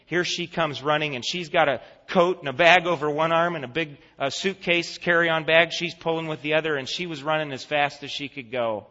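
A male pastor preaching a sermon, telling a vivid story and then making an earnest, hushed appeal. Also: a little high, steady tone, fairly quick, hardly any pauses. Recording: echoey church hall, dull lo-fi sound.

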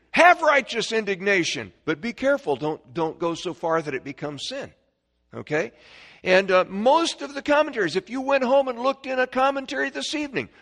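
A man's voice: sits high, fairly bright tone. A middle-aged man preaching a sermon, emphatic, with frequent restarts and personal asides.

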